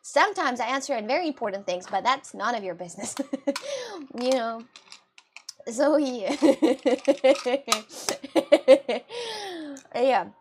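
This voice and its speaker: A woman's voice: high-pitched, expressive, slow, long pauses, noisy background. A young woman with a Russian and British mixed accent, chatting casually with her live-stream chat and laughing often.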